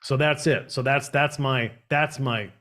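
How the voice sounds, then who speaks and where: A man's voice: mid-range voice, unhurried, a bit bright. A man hosting a live stream, chatting casually and rambling with lots of fillers. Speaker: host of a live channel.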